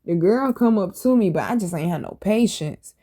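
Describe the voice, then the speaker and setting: A woman hosting a podcast, telling stories in a casual, animated and blunt way, full of slang and swearing. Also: medium pitch, moderate pace. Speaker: podcast host. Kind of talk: casual storytelling monologue.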